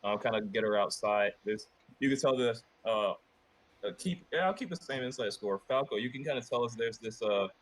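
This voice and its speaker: A man narrates a tabletop game as game master, pausing often on ums and kindas while he describes the scene. His voice sits at an ordinary pitch for a man. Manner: hesitant, many ums and kindas.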